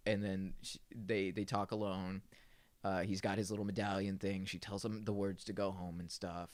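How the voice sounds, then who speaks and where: A man's voice: deep voice, flat delivery, normal speed, no echo. A man co-hosting a podcast, casually recapping a film in laid-back slang and acting out the characters' lines. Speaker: podcast co-host.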